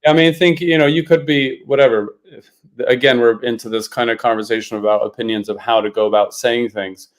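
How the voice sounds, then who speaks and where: A man's voice: mid-range voice, steady tone, a little fast. A man co-hosting a podcast, thinking aloud in a reflective, hedging way. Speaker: podcast co-host. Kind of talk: casual chat.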